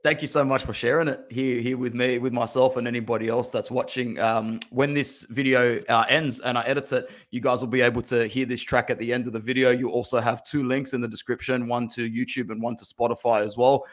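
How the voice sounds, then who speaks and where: A man's voice: mid-range voice, fairly even intonation, a little fast, hardly any pauses. A man, a podcast host wrapping up a chat with his guest and calling him bro. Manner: warm back-channel, calls guest bro.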